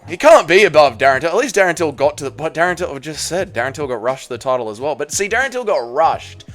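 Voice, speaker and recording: Lively, joking male MMA host. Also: a little high. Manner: joking, irreverent, trailing off and restarting. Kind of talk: casual ranking rant.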